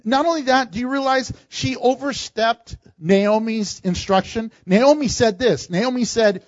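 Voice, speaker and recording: A man preaching a sermon, animated, acting out the lines he quotes and laughing often. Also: very high voice, measured pace, hardly any pauses, no echo, dull audio.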